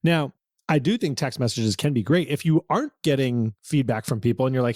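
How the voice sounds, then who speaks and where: A man's voice: medium pitch, a little fast, a little mellow, no room sound, clean studio sound. A man co-hosting a podcast in casual chat, giving his opinions plainly and laughing easily. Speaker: podcast co-host.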